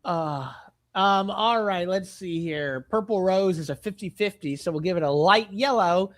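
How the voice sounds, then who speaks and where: Young male streamer, high voice, dry close sound, laid-back host reading chat and polls. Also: measured pace, no echo. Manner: relaxed, reads chat and polls aloud, retells comedy sketches. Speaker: co-host of a movie reaction stream. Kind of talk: casual live-stream chat.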